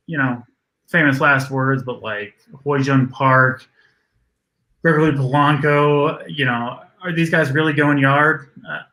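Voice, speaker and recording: A man giving sports betting picks on a live show, measured and thinking aloud, hedging his calls. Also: mid-range voice, bright, forceful tone, poor audio. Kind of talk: casual analytical chat.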